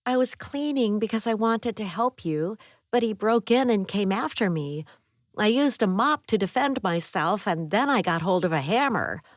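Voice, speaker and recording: A woman voicing a hoarse, plucky young woman in an audiobook, talking high and breathless. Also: animated, moderate pace, no echo, studio quality, lightly acted.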